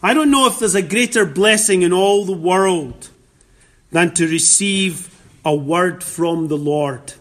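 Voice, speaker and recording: A male preacher with a high voice delivers a sermon at an unhurried pace. He reads scripture aloud and presses his points home by repeating them with emphasis. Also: fairly bright tone. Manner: emphatic, repeats key phrases, quotes scripture.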